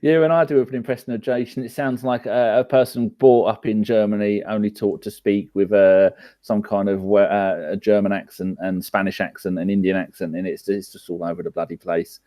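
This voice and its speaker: A man's voice: on the low side, fairly even intonation, a little fast, hardly any pauses, dark tone, no room sound. A man hosting a football podcast, joking and teasing as he puts questions to the others. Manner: jokey, teasing, question-asking. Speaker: podcast host. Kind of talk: casual chat.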